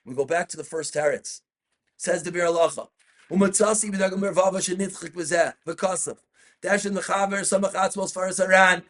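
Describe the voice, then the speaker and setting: A male rabbi leads an in-depth study class on Jewish law. His voice sits fairly high, and he reads Hebrew passages aloud before unpacking them in English. He often cuts in on his students to slow them down. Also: a bit bright.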